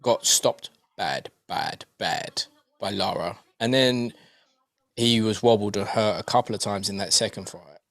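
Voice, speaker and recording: A podcast co-host talks boxing in a casual, animated way, swearing freely, hopping from point to point and joking with mimicked voices. His voice sits on the low side at a measured pace, with no echo.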